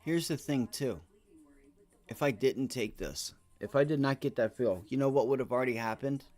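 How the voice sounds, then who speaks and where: Soft background music plays as a male day trader, mid-range voice at normal speed, comments live on his trades during a stock stream. He rambles excitably and swears often.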